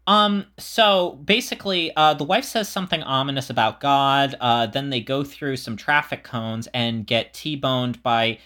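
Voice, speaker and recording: A man co-hosting a casual movie chat, wry and halting, stopping and restarting his sentences. His voice is bright and forward, sitting at an ordinary pitch for a man. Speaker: podcast co-host.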